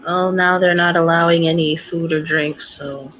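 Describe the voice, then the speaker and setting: A man's voice: a little high, fairly even intonation, normal speed, a bit bright. A man joining a casual chat over a voice call, sounding tired. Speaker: guest on a chat stream. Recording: muffled lo-fi call audio.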